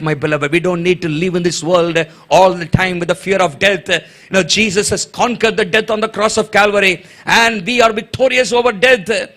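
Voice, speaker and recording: A man's voice: fairly high pitch, a bit bright. A male pastor, preaching a sermon emphatically, repeating lines and calling out hallelujah.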